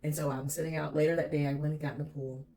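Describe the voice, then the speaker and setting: A woman's voice: deep voice, flat delivery, racing, mellow. A woman vlogger telling a personal story in an emphatic, candid way, swearing freely.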